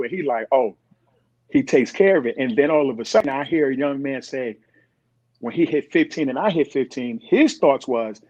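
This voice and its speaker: A man's voice: mid-range voice, normal speed, no room sound. A middle-aged man, a podcast guest, telling stories in conversation and acting out the voices of people he quotes. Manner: animated, acts out quoted voices. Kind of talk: storytelling in conversation. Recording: dull, dry recording.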